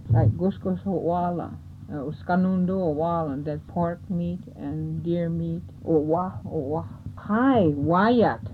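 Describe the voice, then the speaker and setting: Woman teaching words over a tinny line. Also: lowish voice. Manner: repeats each word slowly, then explains it. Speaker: language teacher. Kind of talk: teaching vocabulary, slow repeated words. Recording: tinny phone-like lo-fi recording with hiss.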